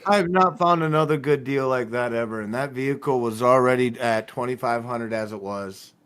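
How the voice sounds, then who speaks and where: A man's voice: medium pitch, brisk, fairly bright tone, smooth. A young adult man hosting a livestream, rambling through a story in casual chat and swearing freely. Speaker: stream host.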